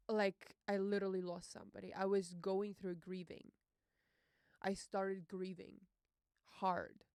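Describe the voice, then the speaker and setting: A young woman hosting a podcast, telling a personal story in an emotional, halting way, with many fillers and curses. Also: mid-range voice, clean tone, dry recording, clean studio sound. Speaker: podcast host.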